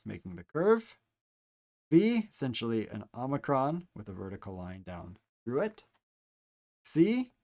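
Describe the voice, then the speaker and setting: A man teaching how to handwrite Greek letters, calmly explaining each stroke step by step, with playful asides now and then. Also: medium pitch. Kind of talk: handwriting tutorial instruction.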